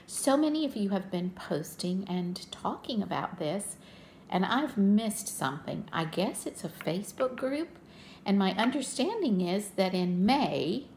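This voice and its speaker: Older woman with a gravelly voice. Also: medium pitch, sing-song, measured pace, darkish tone, slight background noise. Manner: chatty, addresses viewers as friends. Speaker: cross-stitch vlogger. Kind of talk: casual storytelling to viewers.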